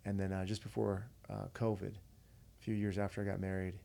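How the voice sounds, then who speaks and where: A man's voice: lowish voice, little pitch movement, moderate pace, gravelly, warm tone. A man who is a veteran and podcast guest, earnestly telling a story in a casual, conversational way. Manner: earnest, conversational, retells dialogue.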